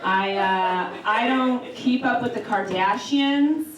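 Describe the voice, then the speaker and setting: A woman with a fairly high voice works a small comedy club, delivering crude, brash stories that build to punchlines. She sounds a little distant from the mic, and the room rings. A crowd laughs behind her. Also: slow pace, roomy sound. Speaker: stand-up comedian. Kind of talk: stand-up comedy set. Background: audience laughing.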